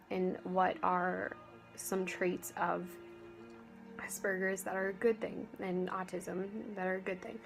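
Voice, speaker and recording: Young woman, casual vlog, slow unhurried delivery, halting speech with many fillers, faint music underneath. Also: mid-range voice, creaky, rough recording. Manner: halting, full of "like" and restarts, dry sarcasm. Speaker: vlogger. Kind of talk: casual vlog talk to camera.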